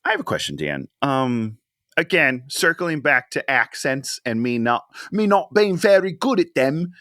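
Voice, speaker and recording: A man's voice: medium pitch, sing-song, measured pace, fairly bright tone, dry recording, clean studio sound. A man co-hosting a casual movie-review podcast, joking and sarcastic as he picks a film apart. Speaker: podcast co-host.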